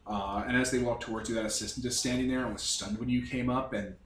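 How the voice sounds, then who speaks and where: A man's voice: mid-range voice, steady tone, fast talker, a bit bright, slight background noise. A man narrating as game master of a tabletop game, rambling and searching for words. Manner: rambling, full of fillers and restarts. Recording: roomy, distant mic with faint music.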